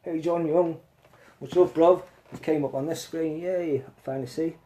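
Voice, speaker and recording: Casting: male live streamer, fairly high voice, blunt and confrontational, phone mic. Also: steady tone, normal speed, mellow. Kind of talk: casual live stream rant.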